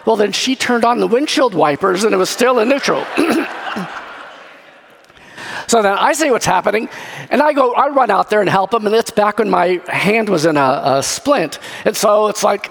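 A man preaching a sermon as pastor, telling a story in a lively way and acting out scenes. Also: high-pitched, normal speed, vocal fry. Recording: long hall reverb.

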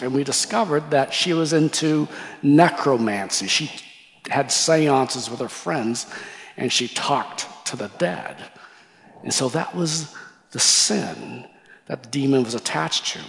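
Gravelly and medium in pitch, this male preacher animates a story from the pulpit, giving each person in it their own voice. His speech rings out with a long reverberant tail.

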